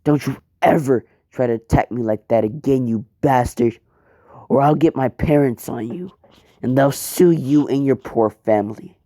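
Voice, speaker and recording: A man's voice: mid-range voice, moderate pace, warm tone, no echo, lightly acted. A man voicing an arrogant, hot-tempered teenage boy who threatens and insults. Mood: threatening.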